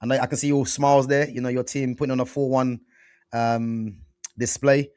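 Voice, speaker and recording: A man's voice: mid-range voice, flat delivery, normal speed, a little mellow, clean tone, dry recording. Young guy hosting football chat, easygoing and slangy, dry sound. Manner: laid-back, loose slangy talk peppered with "man" and "bro". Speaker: podcast host.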